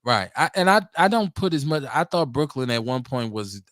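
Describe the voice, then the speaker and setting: A man on a casual sports talk show, animated and joking, often repeating himself. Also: mid-range voice, moderate pace, no room sound, studio quality.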